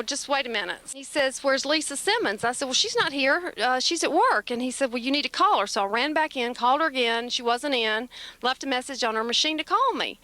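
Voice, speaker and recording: A woman with a drawl talks into a home camcorder, retelling a story in a long, rambling stream and quoting everyone along the way. Her voice sits high and bright. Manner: excited, rambling retelling with many quoted lines.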